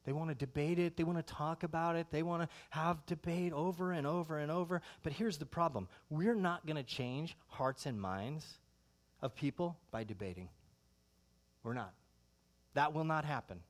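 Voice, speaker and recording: A middle-aged man, a pastor, preaches in a conversational and animated manner, asking one rhetorical question after another. His voice sits on the high side and his speed is normal.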